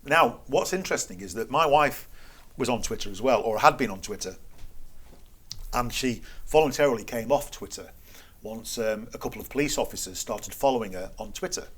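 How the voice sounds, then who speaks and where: A middle-aged Englishman spins a story as an interview guest. He acts out both sides of the exchanges he retells, his tone incredulous and dry. His voice sits at an ordinary, unremarkable pitch for a man. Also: expressive, normal speed, slightly rough. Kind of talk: anecdotal storytelling in conversation.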